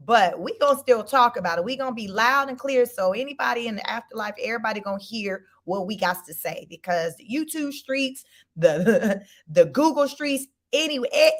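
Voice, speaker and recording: A woman hosting a casual live-stream, chatty and animated, laughing often, speaking. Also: on the high side. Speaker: host.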